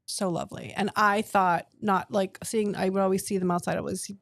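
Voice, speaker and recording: A woman's voice: mid-range voice, fairly even intonation, brisk, vocal fry, no room sound. New woman chatting, sassy storyteller, does little voices for people. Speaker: guest. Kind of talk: casual chat.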